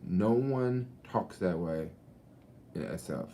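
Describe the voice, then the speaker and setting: A man's voice: lowish voice, expressive, slow pace, dark tone, slight background noise. A man chatting casually in a vlog, laid-back and slangy, swearing and laughing often, talking outdoors at a beach. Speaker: vlogger. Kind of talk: casual rambling chat.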